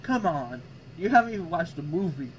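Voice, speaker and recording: A man with a fairly high, very animated voice speaks a little fast in a casual reaction video, answering what he reads with sarcasm. He trips over words, stumbling and restarting. The low-quality recording has a little hiss or hum.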